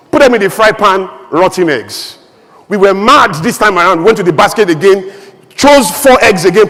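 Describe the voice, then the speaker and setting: A man's voice: fairly high pitch, fairly bright tone. A man from Nigeria, giving an emphatic, rhetorical speech with humorous asides as a conference speaker in a large event hall. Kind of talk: impassioned public speech. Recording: long hall reverb.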